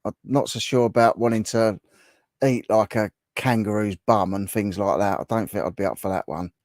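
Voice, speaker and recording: A man's voice: on the low side, steady tone, moderate pace, a little mellow, no echo, clean studio sound. A man, likely in his thirties or forties, hosting a casual livestream from home, chatting and laughing with viewers. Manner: chatty, laughs often, reads viewer comments aloud. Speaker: livestream host. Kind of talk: casual livestream chat reading comments.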